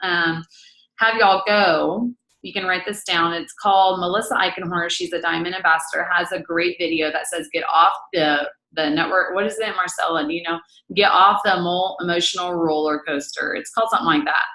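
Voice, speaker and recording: A woman's voice: on the low side, steady tone, brisk, sharp tone, roomy sound, low-quality recording. A woman in her thirties leading a casual book-study talk, blunt and matter-of-fact. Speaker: team leader hosting a book study.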